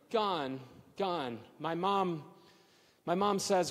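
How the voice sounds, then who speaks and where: A man's voice: high voice, slow pace. A man in his forties telling a personal story at a live story slam, emotional and repeating phrases for emphasis. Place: synagogue hall at a live event. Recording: long hall reverb.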